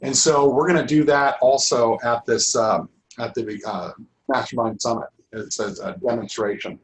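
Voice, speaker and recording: A middle-aged man teaching a holistic healing class, talking informally and restarting his sentences, his voice going hoarse. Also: mid-range voice, normal speed, rough recording. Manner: rambling, restarts sentences often. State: losing his voice. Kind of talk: informal online class talk.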